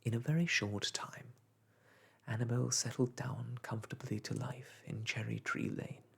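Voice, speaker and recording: A storyteller reading a classic children's book aloud in a soft whispered role-play voice. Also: medium pitch, fairly even intonation, normal speed, vocal fry, breathy edge.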